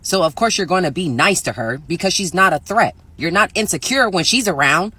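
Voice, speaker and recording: Woman, blunt profane ranting commentator, bright forceful tone. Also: expressive, brisk, breathy edge, no echo. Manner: blunt, profane, mocks others in high sing-song voices. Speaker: reaction video creator.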